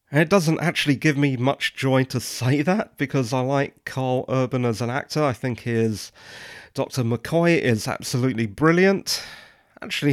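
A man's voice: a little high, no echo, studio quality. A man hosting a solo podcast, giving opinionated, wry and dryly sarcastic commentary. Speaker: podcast host.

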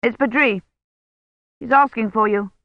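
A narrator voicing a brisk, dismissive older woman doctor on the telephone in an audiobook. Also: mid-range voice, dry recording, lo-fi sound, voice pushed up, lightly acted. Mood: concerned.

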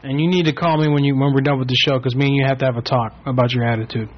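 A man's voice: medium pitch, steady tone, rapid-fire. A man hosting a prank call radio show, brash, bossy and swearing freely. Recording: dull lo-fi with faint music.

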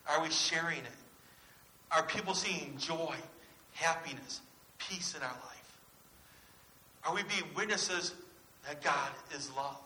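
The recording, echoey and slightly hissy, captures a man preaching in church as pastor. His voice is on the high side and sharp, his pace slow with frequent pauses, as he sincerely questions his listeners.

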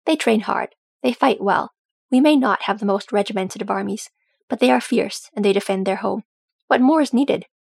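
A woman reading a storybook, voicing a stern female dwarf warrior who speaks in a dry, deadpan way. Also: medium pitch, moderate pace, creaky, slightly rough, dry recording.

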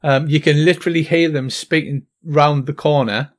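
A man's voice: on the high side, steady tone, moderate pace. A man narrating a tabletop game as game master, with many ums and restarts. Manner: hesitant, lots of ums and restarts.

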